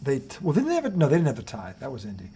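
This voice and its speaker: A man co-hosting a casual sports talk show, jokey and quick to laugh, swearing now and then. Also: medium pitch, wildly swooping pitch, warm tone, a little hiss or hum. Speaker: podcast co-host.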